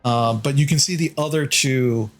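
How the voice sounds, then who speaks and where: A man's voice: mid-range voice, normal speed, over music. A man narrating as game master in a casual tabletop game, describing the action loosely with many fillers.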